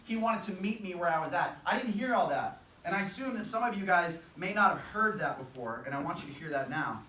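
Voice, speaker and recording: Young male preacher, earnest, conversational, bright forceful tone, echoey room, from a distance. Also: sits high, lively intonation, a little fast, a little hiss or hum. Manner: earnest, conversational, with acted-out quotes. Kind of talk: sermon.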